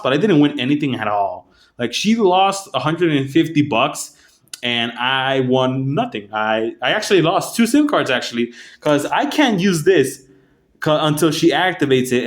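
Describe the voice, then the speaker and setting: A man's voice: medium pitch, lively intonation. A man casually telling a rambling story to camera, swearing often and restarting his sentences. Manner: rambling, profane, halting restarts. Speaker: vlogger.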